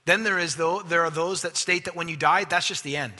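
A man preaching a sermon as pastor, emphatic, swinging from loud stresses to hushed asides. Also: a little high, brisk. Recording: long hall reverb.

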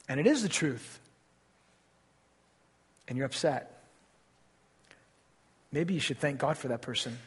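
A man preaching a sermon as a pastor, earnestly addressing his listeners with direct questions and swinging between hushed and raised passages. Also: fairly high pitch, slightly rough.

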